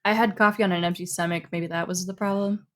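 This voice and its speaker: A young woman co-hosting a podcast, telling stories in a casual, animated way and acting out the people she quotes. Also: lowish voice, quick pace. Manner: chatty, animated storytelling with quoted asides. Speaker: podcast co-host. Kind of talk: casual chat.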